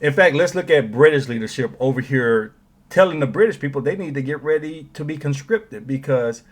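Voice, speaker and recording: A man's voice: a little high, expressive, brisk. Sarcastic man ranting. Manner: sarcastic, mocks opponents in put-on quotes. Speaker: political commentary host. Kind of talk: opinionated commentary monologue.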